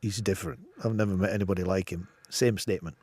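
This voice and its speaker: A man in his sixties with an English accent, a former footballer talking as a guest in a measured, reflective way. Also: sits low, fairly even intonation, a little mellow, no echo. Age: 60s. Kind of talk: casual podcast chat.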